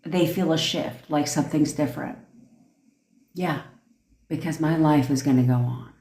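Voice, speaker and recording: A young woman working as a manifestation coach rants on a livestream, blunt, profane, and emphatic. Her voice is deep and dark-toned at normal speed, captured on a phone in an echoey room.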